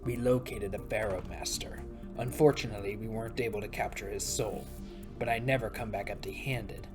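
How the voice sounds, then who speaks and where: A woman voicing a loyal male henchman, speaking in a grave, gruff manner. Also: a bass voice, fairly even intonation, fairly quick, over music, voice pushed down.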